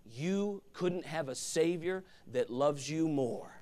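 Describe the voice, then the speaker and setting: Impassioned high-voiced male preacher. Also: animated, slow pace. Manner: impassioned, swinging from loud calls to hushed asides. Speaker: pastor. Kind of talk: sermon.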